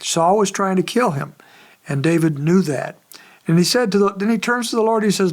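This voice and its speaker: A pastor giving an expository sermon in a conversational, measured way, pausing often as he explains the text. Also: high-pitched. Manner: conversational, measured preaching with frequent pauses.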